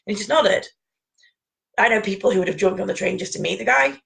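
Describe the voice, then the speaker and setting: A woman's voice: medium pitch, fast, gravelly, fairly bright tone, low-quality recording. A woman telling rambling anecdotes in casual chat, laughing often.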